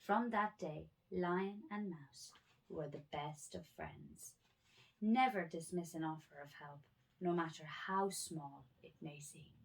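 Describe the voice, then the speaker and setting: A woman reading children's animal stories aloud at bedtime, gentle with small slips. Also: deep voice, takes it slowly, vocal fry.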